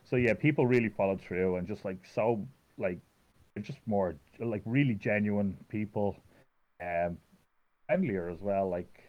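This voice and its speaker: A man's voice: lowish voice, unhurried. A man in his thirties from Ireland with an Irish accent, telling stories in a casual chat with lots of fillers and restarts. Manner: rambling storyteller, many fillers and restarts. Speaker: guest. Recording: dull lo-fi audio.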